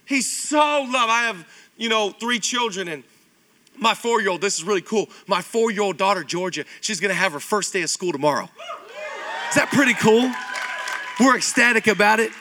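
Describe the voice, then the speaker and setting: A man in his thirties preaching a sermon as pastor, animated and conversational with lots of repetition. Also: high-pitched, normal speed, some chatter behind, a little hiss or hum. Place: church auditorium.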